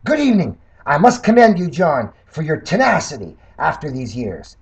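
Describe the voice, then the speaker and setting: A man's voice: wildly swooping pitch, moderate pace, vocal fry, breathy edge. An older Canadian man and political candidate, delivering a sarcastic, combative monologue that reads out and rebuts his critics. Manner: combative, mocking, swinging between loud jabs and low mutters.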